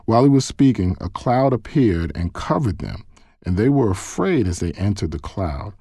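Deep mellow man reading scripture. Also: sing-song, normal speed, husky, no room sound, clean studio sound. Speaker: Bible reader.

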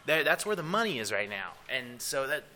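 A man's voice: medium pitch, sing-song, bright, forceful tone, a little hiss or hum. A man in a band, guest on a podcast, chatting casually and easily, with frequent restarts. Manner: easygoing, talks in quick bursts with restarts. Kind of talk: casual interview chat.

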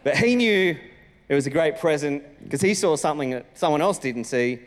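A man, a senior pastor telling a personal story in a sermon with lively, animated delivery. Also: on the high side, normal speed. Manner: animated storytelling, acting out his own lines. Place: church auditorium. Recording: reverberant church hall.

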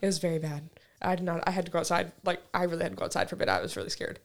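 Young adult woman, quick and chatty, swears a lot, laughs through her stories. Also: on the low side, big pitch swings, vocal fry. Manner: chatty storyteller, swears freely, laughs often. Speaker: podcast co-host. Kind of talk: casual chat. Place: lived in a place with basements, now in Texas.

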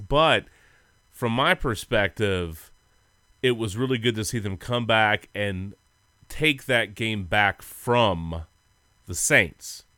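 A man's voice: fairly low pitch, lively intonation, slow pace, sharp tone, clean tone, dry recording, clean studio sound. A man co-hosting a sports podcast, telling rambling, goofy stories in casual chat and laughing often. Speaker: podcast co-host.

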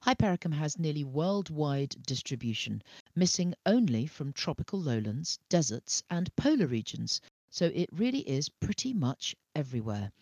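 Middle-aged woman podcast co-host, very animated pitch, dry voice, eager fact-reader. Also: normal speed, no room sound. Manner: enthusiastic, reads facts aloud. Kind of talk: casual podcast chat.

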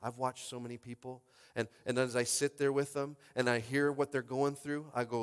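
A male pastor preaching a sermon in a conversational style, swinging between loud exhortation and hushed speech and often asking the crowd if they are with him. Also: mid-range voice, little pitch movement, moderate pace, few pauses, clear, resonant tone, long reverb tail. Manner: conversational, asks the crowd for response.

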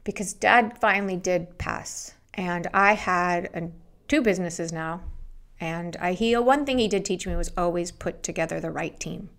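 A middle-aged woman, an interview guest, telling her story with animated, acted-out quotes. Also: fairly low pitch, moderate pace, vocal fry. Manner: animated, acts out quoted voices.

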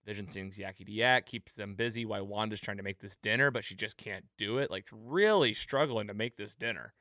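A man's voice: lowish voice, brisk, dry recording, clean studio sound. A man hosting a casual podcast recap, acting out quoted lines as he talks. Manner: animated, acts out quoted lines. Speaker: podcast host.

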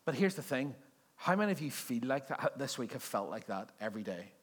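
A man's voice: mid-range voice, big pitch swings, fairly quick, breathy edge. A male pastor preaching a sermon in a conversational, joking way, often asking the congregation questions. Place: church service before a congregation.

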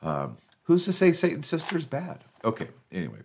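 Chatty pastor telling jokes. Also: male voice, on the high side, wildly swooping pitch, moderate pace, creaky, few pauses, slight background noise. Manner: chatty, laughs at his own jokes, acts out quotes. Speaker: pastor and podcast host. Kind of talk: casual storytelling talk.

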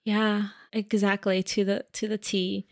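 A woman's voice: mid-range voice, little pitch movement, unhurried, no room sound, studio quality. A woman co-hosting a podcast, recapping a movie in casual, chatty talk with frequent laughs and asides. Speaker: podcast co-host.

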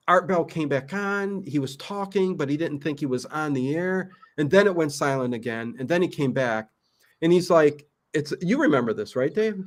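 A male host in casual conversation, spinning a story with enthusiasm. His voice sits somewhat high for a man. He talks loosely, with fillers and quick self-corrections. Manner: animated storyteller, many fillers and restarts. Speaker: podcast host. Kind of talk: casual chat.

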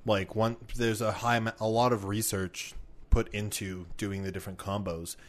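A young man in a casual podcast chat, playful and quick to join in on jokes. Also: on the low side, level tone. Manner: playful, joins in on bits.

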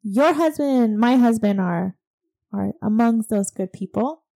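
A woman's voice: a little high, lively intonation, a little slow, gravelly, warm tone. A young woman co-hosting a casual chat, blunt and indignant, swearing freely. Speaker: podcast co-host.

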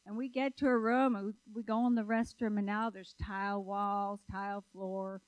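A woman preaching a sermon, telling stories in a lively, conversational way and asking the audience questions. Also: medium pitch, moderate pace, dry recording, low-quality recording. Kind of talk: sermon with storytelling.

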